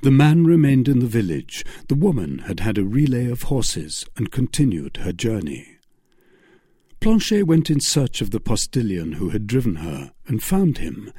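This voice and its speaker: A male narrator tells a classic adventure story with measured, expressive phrasing. His voice is husky with a lively pitch range. The recording is close and dry, with no room sound. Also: no room sound. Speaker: audiobook narrator. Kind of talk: scripted narration of a classic novel.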